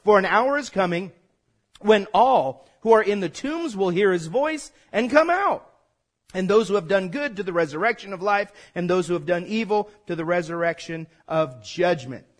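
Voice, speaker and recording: High-voiced man preaching a sermon. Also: expressive, normal speed. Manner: prompts congregation call-and-response; conversational, folksy preaching. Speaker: pastor.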